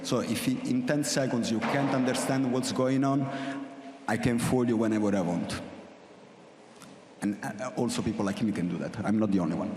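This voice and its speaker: A man's voice: mid-range voice, moderate pace, darkish tone, slight background noise. A man with an Italian accent, a creative and art director, giving a nervous, interactive workshop talk to an audience. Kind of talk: live workshop presentation. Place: event hall with audience. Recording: echoey hall with long reverb.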